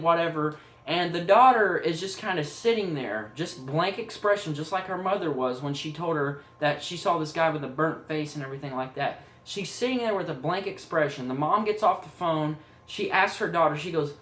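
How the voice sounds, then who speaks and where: A man's voice: fairly high pitch, lively intonation, normal speed, a bit bright, echoey room. A man casually retelling a horror story idea, rambling along with fillers and asides.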